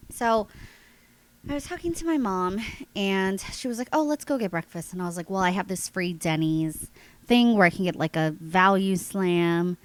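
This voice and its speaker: A woman in her thirties hosting a podcast, telling a story in a chatty, lively way with a congested nose and frequent laughs. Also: medium pitch, no echo, low-quality recording. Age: 30s. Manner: chatty, animated, laughs often, addresses listeners as guys. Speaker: podcast host. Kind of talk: casual storytelling monologue.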